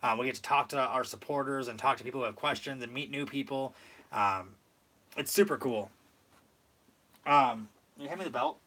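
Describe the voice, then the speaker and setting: A man's voice: medium pitch, normal speed, sharp tone. A young man from Michigan hosting a casual podcast, rambling through a story and saying "like" a lot. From Michigan, USA. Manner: rambling storyteller, says "like" often. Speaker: podcast host. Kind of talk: casual chat.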